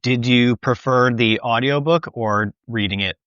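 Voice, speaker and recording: A man hosting a casual book podcast, leading the talk with relaxed questions. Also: mid-range voice, measured pace, dry recording, lo-fi sound. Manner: relaxed, leads discussion with questions. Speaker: podcast host. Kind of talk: casual chat.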